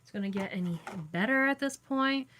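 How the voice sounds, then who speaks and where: A woman's voice: high-pitched, brisk, very noisy. A young woman chatting casually with viewers from her home, rambling and losing her train of thought, recorded on a phone camera. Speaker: vlogger. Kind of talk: casual live chat with viewers. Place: inside a dim home.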